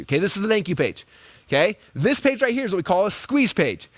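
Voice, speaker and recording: A man in his thirties gives a live marketing lesson at a rapid clip, his voice sitting a little high for a man. He acts out the story with quick, animated asides and keeps asking "right?" to keep listeners with him. The sound is close and dry, with no room echo. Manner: fast, energetic storytelling with lots of "right?" and "okay?". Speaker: online marketing coach. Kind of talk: live webinar teaching.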